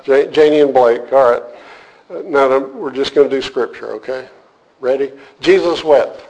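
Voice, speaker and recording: A man's voice: medium pitch, moderate pace, darkish tone, muffled recording. Playful man teaching a church class. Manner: playful, joking with the audience, then earnest. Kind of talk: casual sermon to a live group.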